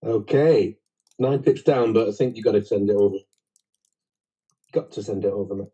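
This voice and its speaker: A man with a husky voice calmly analyzing a game as it's played. His tone is very dark and mellow, and the recording sounds dull and lo-fi. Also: on the low side. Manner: calm, measured analysis. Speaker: backgammon commentator. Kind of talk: live game commentary.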